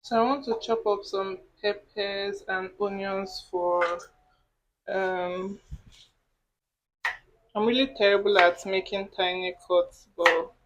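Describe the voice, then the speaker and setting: A woman's voice: medium pitch, steady tone, takes it slowly, long pauses, noisy background. A woman from Nigeria hosting a cooking vlog, chatting casually to viewers as she prepares a dish in her home kitchen. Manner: chatty, talks while cooking, asides to viewers. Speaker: cooking vlogger.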